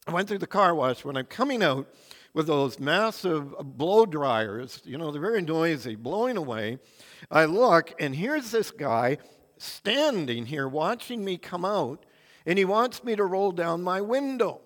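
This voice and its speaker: An older male preacher delivers his sermon in an earnest storytelling manner, his emphasis rising and falling dramatically. His voice is slightly higher than most men's, and a long reverb trails through the large church hall. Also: sing-song, measured pace, fairly bright tone. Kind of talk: sermon with anecdotes.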